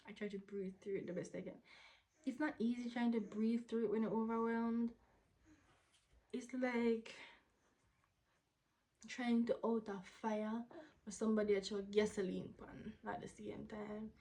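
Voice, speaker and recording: A woman's voice: mid-range voice, poor audio. Young woman, candid vlog talk. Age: young adult. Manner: candid, reads questions aloud then answers, drops into soft whispers. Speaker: vlogger answering viewer questions. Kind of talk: casual Q&A to camera.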